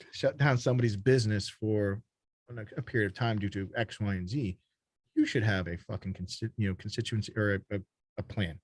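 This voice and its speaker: A man's voice: on the low side, no echo. A man from Texas, a company founder, talking bluntly and freely in a casual podcast conversation, swearing often. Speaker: guest, startup founder.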